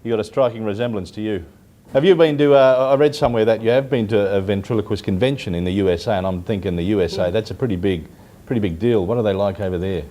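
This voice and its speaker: A man's voice: lowish voice, fast, dark tone. A male talk show host interviewing a guest in a loose, hesitant, laughing manner. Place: studio before an audience. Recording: noisy studio with audience.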